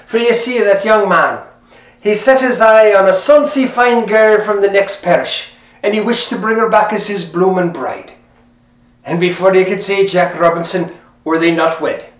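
A man's voice: high voice, moderate pace. A man telling a folk tale in a lilting, conversational way, talking straight to the listener. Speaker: storyteller. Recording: roomy, mic at a distance.

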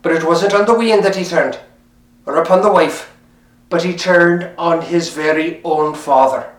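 A man's voice: on the high side, measured pace. A man telling a folk tale in a lilting, conversational way, talking straight to the listener. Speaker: storyteller. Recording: roomy, mic at a distance.

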